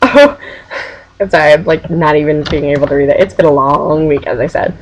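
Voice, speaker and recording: A woman's voice: deep voice, a little fast, highs cut off. A young adult woman, a team captain, talking casually to her webcam in a rambling, giggly way. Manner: chatty and rambling, with giggles and voiced-out quotes.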